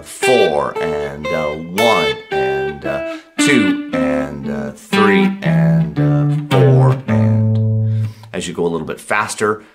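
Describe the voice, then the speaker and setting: A man teaching a blues guitar lesson, speaking in a relaxed, reassuring way, repeating points for emphasis and counting beats out loud while he plays. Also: low voice. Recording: guitar playing behind the voice.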